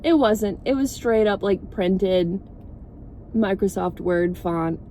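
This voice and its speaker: Slow-talking sarcastic woman vlogger. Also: medium pitch, mellow, a little hiss or hum. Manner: sarcastic, rambling, swears freely. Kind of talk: casual movie recap rant.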